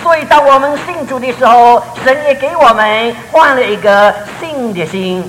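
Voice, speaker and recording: A man preaching a sermon in short storytelling phrases, pausing for an interpreter. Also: very high voice, fairly bright tone. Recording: roomy hall reverb with faint noise.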